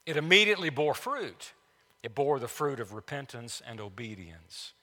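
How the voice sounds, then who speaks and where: A male pastor preaching a sermon in a church, emphatic, repeating key phrases and swinging between loud declarations and hushed asides. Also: mid-range voice, big pitch swings, normal speed, big-room sound. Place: church sanctuary.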